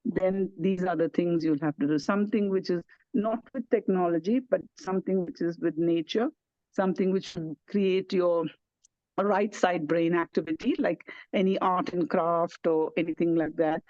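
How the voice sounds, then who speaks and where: A woman speaking gently and reassuringly from India over a video call, giving wellness advice to elders. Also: fairly low pitch, steady tone, moderate pace, no echo. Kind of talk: online talk to elders. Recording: dull lo-fi video call audio.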